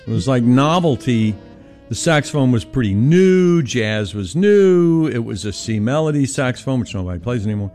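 A man sits in as a regular on a radio show, talking in a loose, meandering way and losing his thread. His voice sits at a middle pitch but moves a lot. Faint music plays underneath. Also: lively intonation, moderate pace, darkish tone. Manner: meandering, chatty, trails off mid-thought. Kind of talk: casual radio banter. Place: radio studio.

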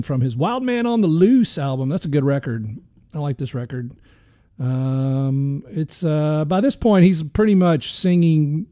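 A man's voice: medium pitch, dark tone, dry recording, studio quality. A man hosting a jazz radio show, chatting casually about records in a rambling, easygoing way with lots of trailing fillers.

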